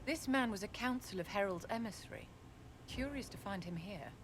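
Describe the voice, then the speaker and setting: A woman's voice: mid-range voice, lively intonation, normal speed, natural voice. A woman voicing a cool, observant noblewoman. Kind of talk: video game dialogue. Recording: game audio with clear noise.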